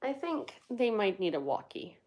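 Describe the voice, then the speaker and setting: A woman's voice: medium pitch, sing-song, normal speed, darkish tone. A young woman, chatting casually on a livestream and cooing to her dog. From Ukraine. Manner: chatty, coos and baby-talks to her dog. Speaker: livestream host.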